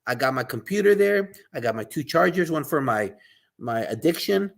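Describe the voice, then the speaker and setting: A man's voice: fairly high pitch, lively intonation, moderate pace, gravelly. A man in his fifties, a school administrator, talking animatedly as a podcast guest and repeating his words like a coach giving a pep talk. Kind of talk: casual interview talk.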